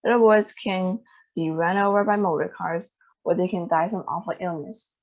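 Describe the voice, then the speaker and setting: A woman reading a children's novel aloud in an expressive storytelling manner. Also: on the low side, normal speed. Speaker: storybook reader. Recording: dull lo-fi sound.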